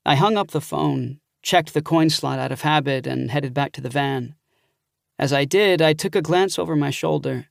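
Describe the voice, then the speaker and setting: A man's voice: on the high side, normal speed, creaky, no echo, clean studio sound. A man narrating an audiobook thriller in the first person, reading steadily.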